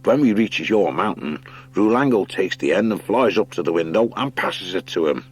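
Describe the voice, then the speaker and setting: A steady otter leader who lays out his plan calmly, voiced by a male reader. His voice is deep and matter-of-fact, and his grammar is rustic. A storybook character. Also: moderate pace, breathy edge. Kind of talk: audiobook character voice.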